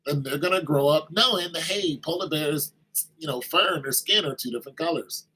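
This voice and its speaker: Husky, bright-voiced man giving an informal sermon. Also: fairly high pitch, a little fast, rough recording. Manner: conversational, acts out little exchanges in raised voices. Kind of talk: informal sermon-style talk.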